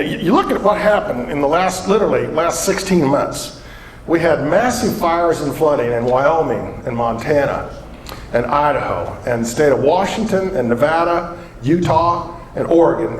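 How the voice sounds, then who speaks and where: A man from southwestern Colorado giving a humorous conference keynote, an energetic storyteller who quizzes the crowd. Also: fairly high pitch, slight background noise. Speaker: keynote economic speaker. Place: large conference hall. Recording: echoey conference hall.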